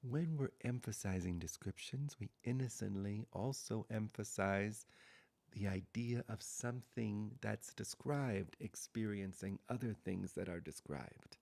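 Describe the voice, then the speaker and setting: A man giving a spiritual satsang talk, speaking softly and slowly, often half-whispered, with long pauses. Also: fairly low pitch, creaky. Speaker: spiritual teacher.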